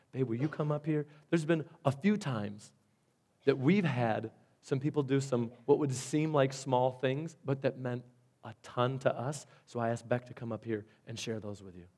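A man's voice: mid-range voice, a little mellow. A male pastor preaching a sermon, stressing and repeating his key points. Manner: emphatic, repeats key phrases.

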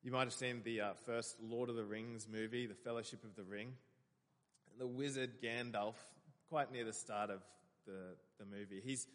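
A man's voice: mid-range voice, a bit bright, in a large hall. A man preaching a sermon, earnestly explaining scripture and reading verses aloud.

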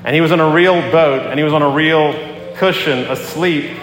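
A male pastor gives a sermon in a relaxed, conversational style, acting out the quotes as he tells the story. His voice sits a bit high for a man. It rings through a big echoey hall with a long reverb tail and a faint hum of room noise behind it. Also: moderate pace.

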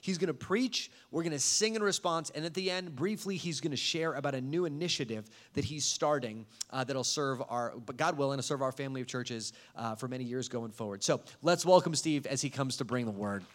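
A man, a pastor, introducing a guest preacher in a halting way with many fillers. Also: medium pitch. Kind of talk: church announcement.

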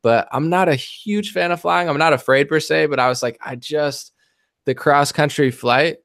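A man's voice: a little high, moderate pace, gravelly, a bit bright, no echo. Podcast host, male, casual rambling storyteller with a joking edge; dry, close sound. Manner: rambling and jokey. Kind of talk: casual chat.

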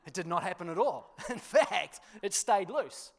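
A man preaching, telling a funny personal story with laughter before turning to a quieter sermon. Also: sits high, unhurried, vocal fry. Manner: animated storyteller, laughs through the tale, drops quiet for scripture. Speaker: pastor.

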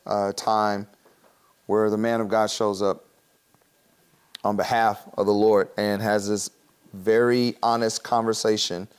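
A man preaching a sermon in an easygoing, conversational way. He laughs often and slips into quick acted voices while he teaches. His voice sits at a medium pitch. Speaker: pastor.

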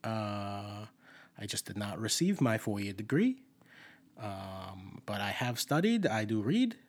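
A man with a Scranton, Pennsylvania coal-region accent co-hosting an improvised comedy podcast, rambling and halting with lots of fillers. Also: fairly low pitch, sing-song. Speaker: podcast co-host.

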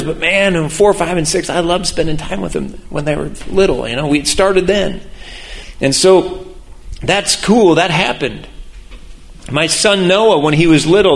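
Animated, chatty man preaching. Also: on the high side. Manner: animated and conversational, laughing often. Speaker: pastor. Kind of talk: sermon.

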